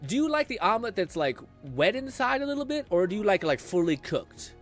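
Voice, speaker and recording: A man's voice: high voice, very animated, fairly quick, faint music behind. A young man streaming a game, chatting casually with viewers, rambling, swearing and laughing often. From Canada. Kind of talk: casual chat reading viewer comments.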